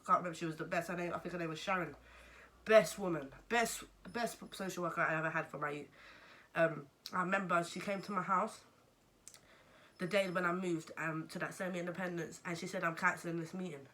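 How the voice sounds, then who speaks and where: A young woman with a London accent, telling a story to camera in a casual, animated way and swearing freely. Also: lowish voice, a little fast. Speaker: vlogger.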